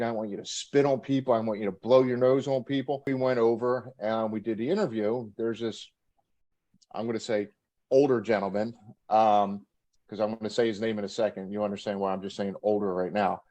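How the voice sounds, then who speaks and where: A man's voice: fairly low pitch, steady tone, a little fast, warm tone. Laughing middle-aged man telling stories. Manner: laughing anecdotal storyteller, acts out quotes. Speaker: interview guest, former wrestler. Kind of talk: casual storytelling interview.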